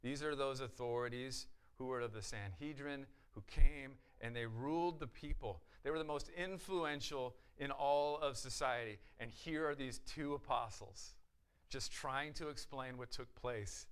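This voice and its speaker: A man's voice: medium pitch, measured pace, fairly bright tone, smooth. A man preaching an expository sermon, firing off rhetorical questions and slipping into the voices of the people in the passage. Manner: rhetorical questions, emphatic with sudden bursts of volume; acts out the voices of the priests in quotes. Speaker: pastor.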